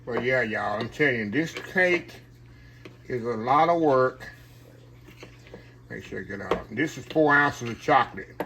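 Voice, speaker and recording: A man's voice: medium pitch, expressive, measured pace, pauses often, noisy background. An older man hosting a casual home cooking video, chatting folksy with viewers as he works in his kitchen. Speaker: home cooking channel host.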